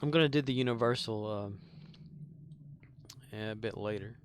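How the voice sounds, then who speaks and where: A man's voice: fairly low pitch, normal speed, slight background noise. A man streaming a space game live, chatting casually and rambling as he hunts for names. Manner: rambling, trails off, hunts for names, mutters to himself. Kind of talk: casual live-stream chat while gaming.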